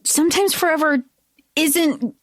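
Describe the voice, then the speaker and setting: A woman co-hosting a podcast, expressive and giggly, chatting casually about a book and quoting characters. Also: high-pitched, a little slow, no echo, studio quality. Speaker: podcast co-host.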